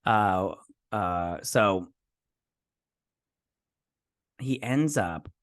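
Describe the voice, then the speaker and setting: A man's voice: on the low side, animated, extremely slow, fairly bright tone, dry recording, clean studio sound. A man hosting a review show, recapping an episode casually in a rambling way, full of fillers, paraphrasing characters in his own voice.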